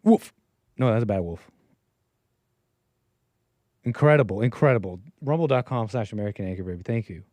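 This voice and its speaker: A man's voice: fairly low pitch, lively intonation, fairly quick, long pauses, darkish tone, no room sound. A man hosting a live-stream call-in show, talking in a rambling, joking, loose way. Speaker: host.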